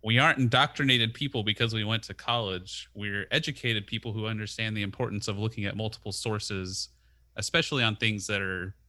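A man's voice: on the low side, steady tone, brisk, sharp tone, no room sound. A man co-hosting a podcast who talks bluntly and scornfully. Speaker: podcast co-host. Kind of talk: casual podcast chat.

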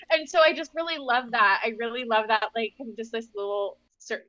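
A woman's voice: a little high, animated, normal speed, few pauses, fairly bright tone, no room sound, muffled recording. A young woman co-hosting a podcast, recapping a novel in a rambling, self-correcting casual chat. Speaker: podcast co-host.

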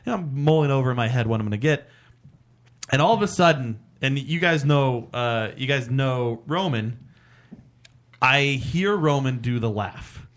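A man's voice: medium pitch, animated, normal speed, fairly bright tone. Man telling a rambling, profane story. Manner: rambling, profane, acts out quotes. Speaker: podcast co-host. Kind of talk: casual storytelling chat.

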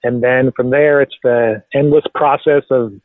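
A man answering interview questions about making his audio series, relaxed and rambling with many fillers. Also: medium pitch, unhurried, no room sound. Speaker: podcast creator and voice actor. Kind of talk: casual interview talk. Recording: tinny phone-like line, dry.

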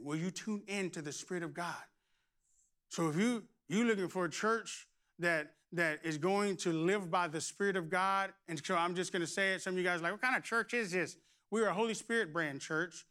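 A middle-aged man, preaching a lively, playful sermon with shouts and humor. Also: high voice, fairly quick. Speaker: pastor.

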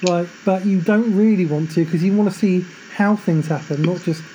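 A woman's voice: on the low side, normal speed, warm tone, a little hiss or hum, poor audio. A woman hosting a podcast, chatty and agreeable, filling her talk with "you know" and "like". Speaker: podcast host. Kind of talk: casual faith podcast chat.

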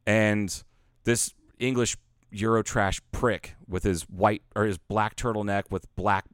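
A man's voice: fairly low pitch, fairly even intonation, slow, a bit bright, smooth, dry recording, studio quality. A man co-hosting a podcast, telling a long rambling story in casual chat, swearing freely and acting out the lines. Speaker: podcast co-host.

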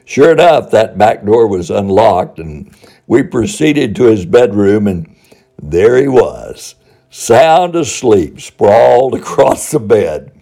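A man's voice: on the low side, very animated, takes it slowly. An older man, a former school principal, telling funny stories from his school days in a folksy, chuckling way. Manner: warm anecdotal delivery, chuckling asides. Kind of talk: folksy spoken storytelling.

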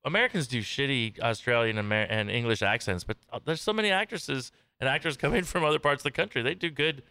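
A man's voice: mid-range voice, lively intonation, fast, sharp tone, smooth, no room sound. A man co-hosting a casual film podcast, adding short laid-back remarks. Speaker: podcast co-host.

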